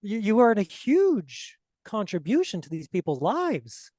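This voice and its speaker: A man's voice: sits high, huge pitch swings, measured pace, mellow, no room sound. A man hosting a podcast interview, affirming his guest in a loose way, full of "like" and "right?". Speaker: podcast host. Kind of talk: interview talk.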